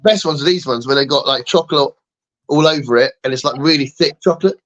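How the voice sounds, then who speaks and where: A man's voice: fairly high pitch, quick pace, fairly bright tone, muffled recording. Rambling English man chatting casually. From England. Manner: rambling, self-mocking, laughs often. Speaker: guest co-host. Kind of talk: casual live-stream chat.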